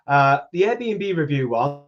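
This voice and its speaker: Soft background music plays as a British YouTuber in his fifties answers comments and chats casually with his livestream audience. He's from the UK, and his voice is on the high side, sing-song and a little slow. The livestream audio is lo-fi.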